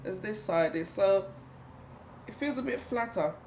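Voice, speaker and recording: A woman's voice: mid-range voice, animated, measured pace, darkish tone, a little hiss or hum. Chatty woman with a cold, roomy sound. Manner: chatty and rambling, many ums. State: has a cold. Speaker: vlogger. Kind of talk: casual hair update vlog. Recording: roomy home recording.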